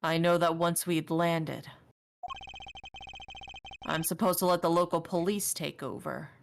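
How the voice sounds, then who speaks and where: A woman reading the lines of a composed adult male prosecutor from a game, in a measured, reflective manner. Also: on the low side, fairly even intonation, vocal fry, slight background noise. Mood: thoughtful. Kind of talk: reading game dialogue aloud.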